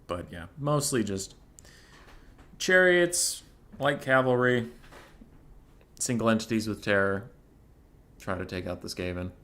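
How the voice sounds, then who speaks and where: This young man streams a competitive strategy game, chatting casually about matchups and erupting into mock-furious rants. His voice is fairly low and a bit bright, at normal speed with long pauses, in casual live-stream commentary.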